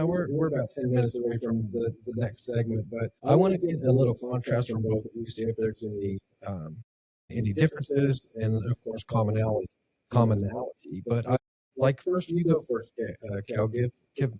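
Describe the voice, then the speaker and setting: A man's voice: mid-range voice, moderate pace, mellow, slightly rough, rough recording. A man hosting a podcast, asking loose, rambling questions full of fillers. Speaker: podcast host.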